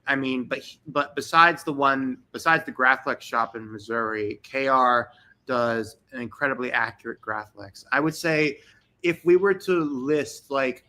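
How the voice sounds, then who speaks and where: A man's voice: medium pitch, unhurried, bright, forceful tone. A man talking enthusiastically and at length as a guest on a livestream video call. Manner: enthusiastic, rambling. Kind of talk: casual livestream chat.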